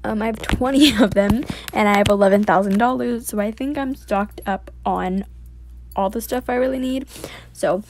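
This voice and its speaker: A female gaming YouTuber giving casual gameplay commentary, excitable and gushing, full of exclamations and reading game text aloud. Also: medium pitch, moderate pace, slight background noise.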